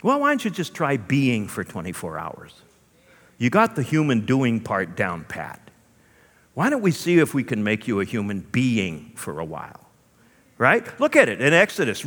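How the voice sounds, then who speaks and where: A male pastor preaching a sermon with animated storytelling and rhetorical asides, in a church hall. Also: mid-range voice, normal speed. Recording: long hall reverb.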